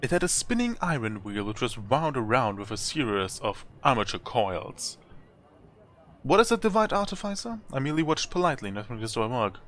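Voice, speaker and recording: A man's voice: mid-range voice, lively intonation, fairly quick, hardly any pauses, fairly bright tone. A man hosting a let's play, reading a text adventure aloud with chatty asides and chuckles.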